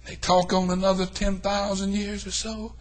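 An older man delivers a revival sermon in church, full of homespun stories, his volume rising from soft murmurs to full shouts. The voice is high, steady in tone, and moves at a normal speed.

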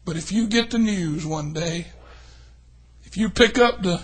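Fiery older preacher, high bright voice. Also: male voice, measured pace, slightly rough. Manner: swings from hushed to shouting, folksy storytelling. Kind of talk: revival sermon.

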